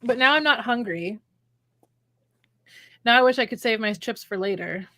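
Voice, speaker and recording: A woman co-hosting a casual livestream chat, relaxed and wry with a self-deprecating streak, talking over an online call. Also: fairly high pitch, normal speed, no echo. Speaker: co-host, romance author. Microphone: remote online call.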